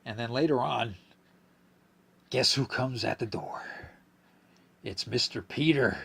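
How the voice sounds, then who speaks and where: A man's voice: mid-range voice, unhurried, gravelly, long pauses, breathy edge. A young man hosting a podcast, telling a story in a rambling, profane way, a bit drunk and slurring. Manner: rambling, profane, with many fillers and restarts. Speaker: podcast host. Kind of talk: casual storytelling monologue.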